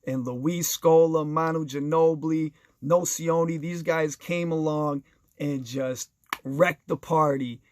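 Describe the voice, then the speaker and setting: A man shares basketball anecdotes in an enthusiastic, conversational monologue, addressing his listeners directly and briefly acting out other people's voices in quoted dialogue. His fairly high voice is slow and fairly even. The studio sound is clean, with no room sound.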